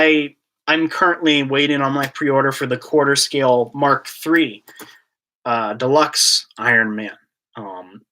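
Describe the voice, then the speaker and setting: A man's voice: mid-range voice, bright, forceful tone. A man hosting a casual live-stream Q&A, rambling and joking as he reads out and answers chat questions. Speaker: YouTube collector channel host.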